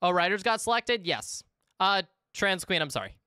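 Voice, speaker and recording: A man's voice: sits high, sing-song, moderate pace, sharp tone, smooth, no room sound, clean studio sound. A man live-streaming a game, chatting casually with his chat in a rambling, profane way.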